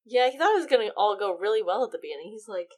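A woman's voice: medium pitch, rapid-fire. A woman in casual podcast conversation, talking about a book and acting out lines with lots of energy. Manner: animated, acts out quotes in big voices. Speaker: podcast co-host.

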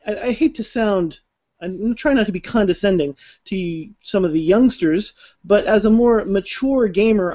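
Earnest man, slightly high voice. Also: a little mellow, highs cut off. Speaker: podcast co-host. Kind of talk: casual chat.

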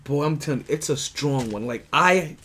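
A man hosting a sports podcast, talking in a loose, rambling way. His voice sits a bit high for a man. He trips over his own words, restarts often and breaks into laughs. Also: expressive, moderate pace, sharp tone, husky. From United States. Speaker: podcast host. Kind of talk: casual sports talk.

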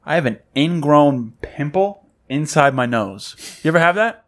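A man's voice: on the high side, lively intonation, moderate pace, a bit bright. A man co-hosting a casual podcast, rambling and swearing freely as he acts out little everyday scenes. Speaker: podcast co-host. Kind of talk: casual chat.

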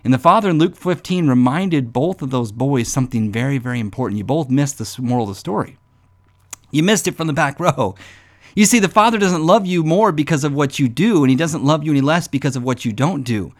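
A man's voice: fairly high pitch, animated, fairly quick. Earnest conversational male preacher. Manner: earnest, conversational, says "man" often. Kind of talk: sermon-style devotional talk.

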